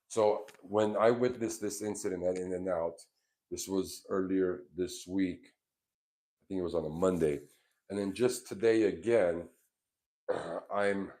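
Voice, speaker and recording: A man telling a story in a casual, animated and indignant rant. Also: sits low. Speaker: vlogger.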